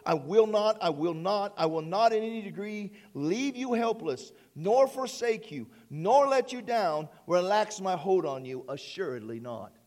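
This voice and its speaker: A man's voice: high-pitched, animated, measured pace, few pauses, darkish tone. A man preaching a sermon as a church pastor, repeating phrases and calling out for amens from the congregation.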